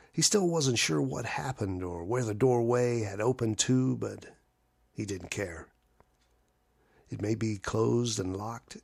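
A man narrating a horror story in a measured, low-key way. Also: vocal fry, breathy edge.

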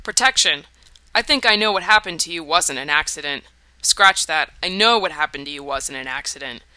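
Brief: audiobook reader doing a cryptic schoolboy, halting then insistent, crisp bright voice. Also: mid-range voice, expressive, no room sound. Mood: earnest. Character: earnest, cryptic teenage schoolboy. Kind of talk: audiobook character voice.

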